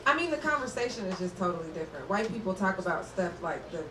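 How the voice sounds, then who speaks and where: A married woman comedian answering a host's questions on a live comedy show with dry, quick jokes. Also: mid-range voice, very animated. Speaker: comedian guest. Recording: echoey live venue, mic far, noisy.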